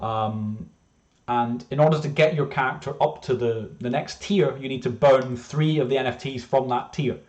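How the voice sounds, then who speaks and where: A man's voice: medium pitch, steady tone, moderate pace, darkish tone. A man presenting his own game casually, rambling with lots of fillers and restarts.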